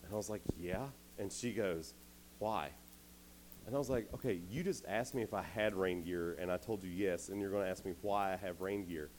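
Low-voiced, chatty man preaching. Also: fairly quick, few pauses, a little mellow, slight background noise, low-quality recording. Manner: chatty, self-deprecating storyteller. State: a little tired. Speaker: youth camp speaker. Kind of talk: casual sermon with stories. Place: indoor camp meeting hall.

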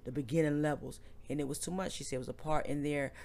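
A man's voice: on the high side, fairly even intonation, quick pace, darkish tone. A man in an earnest, casual faith conversation, retelling a vision story and acting out the pleas of the people in it.

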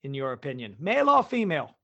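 Higher-voiced man hosting an interview. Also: sing-song, gravelly, sharp tone, dull audio. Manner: brisk question-asker. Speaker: podcast host. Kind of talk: casual interview.

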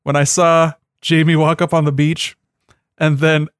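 A man's voice: fairly high pitch, flat delivery, a little slow, clean tone, dry recording, studio quality. A man in a casual chat, sardonic and swearing often, with lots of "like". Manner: sardonic, heavy swearing, many "like" fillers.

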